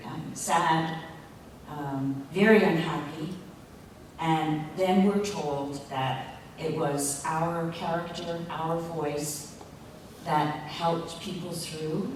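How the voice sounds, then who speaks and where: A woman voice actor speaking on a convention panel, reflective and halting, with pauses and fillers. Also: on the low side, darkish tone, slight background noise. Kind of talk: panel talk. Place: large convention hall. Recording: echoey hall, mic far off.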